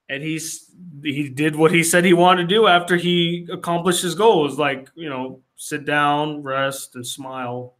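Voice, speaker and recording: A young man, a film critic, casually recapping a movie scene by scene and acting out the characters' lines. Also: a little high. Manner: animated retelling with acted-out quotes.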